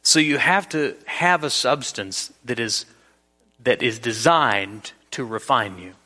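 A man's voice: mid-range voice, animated, slow, pushed and bright, big-room sound. A man preaching a sermon as pastor, earnest and emphatic, telling the story with frequent repeats.

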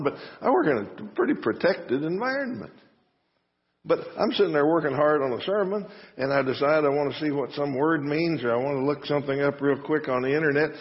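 A pastor giving a conversational sermon full of rhetorical questions and a folksy manner. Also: male voice, fairly high pitch. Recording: muffled sound with long reverb.

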